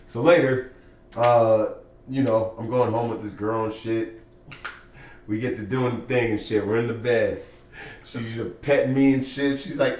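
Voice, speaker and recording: Crude, animated man telling a story. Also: mid-range voice, moderate pace. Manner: crude, animated storyteller acting out both sides. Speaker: podcast co-host. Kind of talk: casual storytelling chat. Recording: roomy, distant mic with faint noise.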